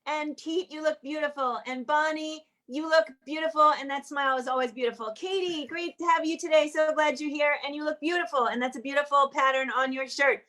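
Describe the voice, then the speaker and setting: A woman's voice: high-pitched, fairly even intonation, brisk, few pauses. A woman hosting an online show, closing it with chatty compliments for each person on the call. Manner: warm repetitive compliments, chatty. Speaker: host. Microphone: video call.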